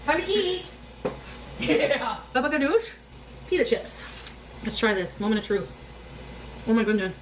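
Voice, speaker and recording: A chatty woman with a somewhat high voice talks her viewers through cooking at home. Faint noise sits behind her in the kitchen. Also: expressive, moderate pace, long pauses. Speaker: cooking vlogger. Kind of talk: casual cooking vlog.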